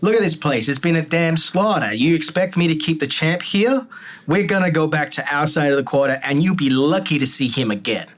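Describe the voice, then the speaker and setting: A man puts on a brash fight manager who swears and shouts his way through every line. The voice sits high and pushes hard. It is played at a tabletop game. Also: lively intonation, fairly quick. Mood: angry. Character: brash loud-mouthed male fight manager.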